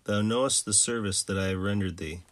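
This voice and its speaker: A man reading the lines of Jacob, a weary, hard-working ancient patriarch, in a plain, measured voice. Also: on the low side, a little hiss or hum, natural voice. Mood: firm.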